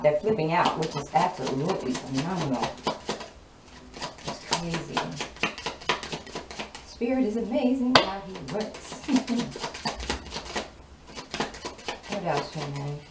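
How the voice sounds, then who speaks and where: A woman's voice: on the low side, measured pace, long pauses. A woman giving a casual tarot reading in a sassy, emphatic way, often repeating her lines for effect. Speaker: tarot card reader. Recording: roomy, distant mic, clear background noise.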